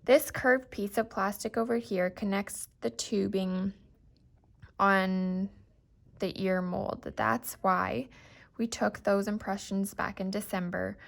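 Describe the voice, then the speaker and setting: A friendly male ear doctor, read by a woman in an audiobook, patient and reassuring as he explains each step. The voice has a slight gravelly texture at a middle pitch. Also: steady tone, slow. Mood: explaining. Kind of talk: audiobook reading.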